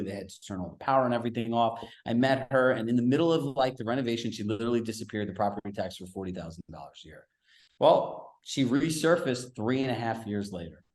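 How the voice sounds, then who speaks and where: A man speaking as a real estate business coach in a live group coaching session, telling stories with quick asides in a direct, conversational way. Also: lowish voice, reverberant.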